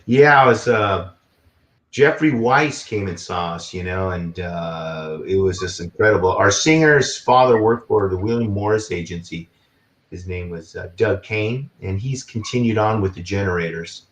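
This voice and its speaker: A man with a fairly low voice chats casually as an interview guest, winding through his thoughts with plenty of fillers. He is heard over a video call from a roomy, echoing space. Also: normal speed. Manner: rambling, with many fillers. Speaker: guest musician.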